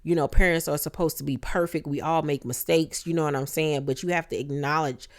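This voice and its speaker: Woman, low voice, casual TV recap, blunt, swears freely, acts out quotes. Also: brisk. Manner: blunt, profane, animated retelling with quoted voices. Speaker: reality TV recap YouTuber.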